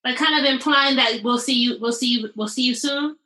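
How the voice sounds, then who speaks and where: Bright, supportive woman podcast host. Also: high voice, slight background noise, rough recording. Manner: supportive, reacts with quick follow-up questions. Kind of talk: casual interview.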